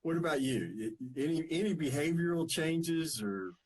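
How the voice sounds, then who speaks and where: A man's voice: fairly high pitch, lively intonation, moderate pace, a little mellow. A man co-hosting a podcast, talking earnestly and emphatically with some teasing. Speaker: podcast co-host. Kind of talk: casual chat.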